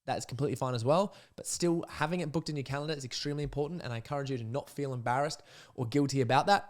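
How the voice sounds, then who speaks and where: Brief: young man, podcast coach, quick and blunt, swears freely, mid-pitched. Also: darkish tone. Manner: blunt and profane, jokes, acts out sample dialogue. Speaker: podcast host, men's coach. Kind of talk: casual coaching monologue.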